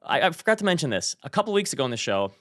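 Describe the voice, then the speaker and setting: A man's voice: fairly high pitch, rapid-fire, dry recording, studio quality. Chatty male podcast co-host. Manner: animated, chatty storytelling. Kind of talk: casual chat.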